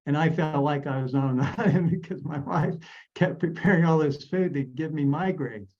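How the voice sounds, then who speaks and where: A man from Idaho giving measured, explanatory coaching advice as a guest on a video call. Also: a little high, darkish tone, dull audio. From Idaho, USA.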